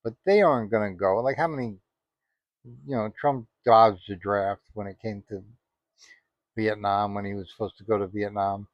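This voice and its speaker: A man's voice: on the low side, normal speed, no echo. A man giving casual spoken commentary, rambling and indignant, full of "you know" asides. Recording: dry, dull lo-fi audio.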